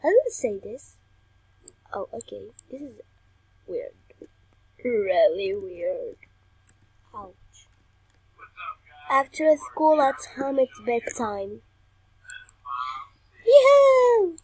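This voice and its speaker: A young woman's high, slightly husky voice talks slowly through a video game, reading out game text and chatting playfully. The recording is dry and close, with almost no room sound. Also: no echo, poor audio. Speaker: gamer. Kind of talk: game commentary.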